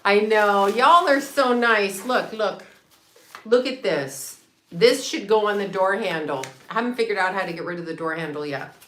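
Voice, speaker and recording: A woman hosting a casual livestream from home, chatty and excitable, swearing freely and laughing often. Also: mid-range voice, moderate pace. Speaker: psychic medium and astrologer livestream host. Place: home room with a set. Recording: echoey room with faint noise.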